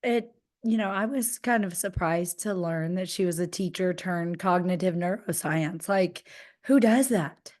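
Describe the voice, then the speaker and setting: A woman with a hoarse voice from laryngitis, co-hosting a podcast in casual chat with quick joking asides. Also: fairly low pitch, a little mellow. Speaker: podcast co-host.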